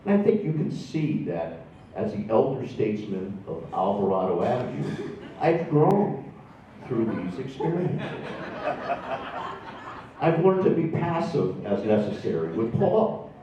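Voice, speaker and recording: A man's voice: fairly low pitch, sing-song, a little slow, far from the mic, a crowd in the background. A man, telling wry, self-deprecating stories to a live audience. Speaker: storyteller. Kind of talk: stand-up storytelling. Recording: echoey room from afar, dull sound.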